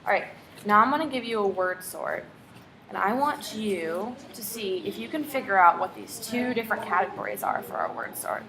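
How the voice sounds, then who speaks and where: A woman's voice: mid-range voice, animated, moderate pace, a bit bright. Patient woman teacher prompting a pupil. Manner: patient, encouraging, full of prompting questions. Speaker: reading teacher. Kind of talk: one-on-one phonics tutoring.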